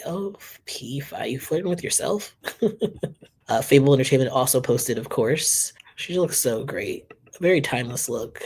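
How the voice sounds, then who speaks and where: A man hosting his own reaction channel talks in a relaxed, chatty way. He often breaks into giggles while he reads posts aloud. His voice sits at an average pitch and has a husky, breathy edge. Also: moderate pace. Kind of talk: casual reaction commentary.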